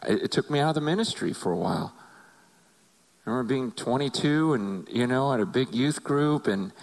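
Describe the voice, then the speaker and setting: A man's voice: lowish voice, low-quality recording. A middle-aged male pastor giving an earnest, confessional testimony that builds to emotional intensity. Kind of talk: personal testimony sermon.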